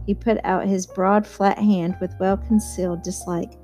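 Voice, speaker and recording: A woman narrating a classic novel in the first person, with a measured, even storytelling pace in a mid-range voice. A faint guitar plays softly underneath her reading. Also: medium pitch. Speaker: audiobook reader.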